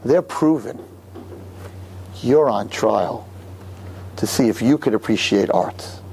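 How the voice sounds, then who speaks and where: A man's voice: fairly low pitch, lively intonation, slow pace, vocal fry, a little mellow, slight background noise, voice pushed down, full character voice. A man voicing an exasperated French woman tour guide who scolds tourists. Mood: indignant. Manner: indignant, sputtering.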